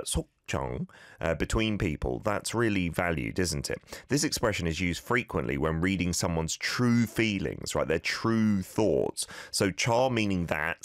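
A man's voice: deep voice, no echo, studio quality. Chatty male language-lesson host. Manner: chatty, self-deprecating, explaining step by step. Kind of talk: casual radio language lesson.

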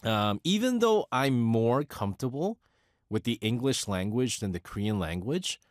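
A middle-aged radio host with a New York accent, talking in a casual, rambling way full of fillers and restarts. His pitch swings widely as he talks. The sound is close and dry from a studio mic. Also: very animated, moderate pace, dry recording. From United States.

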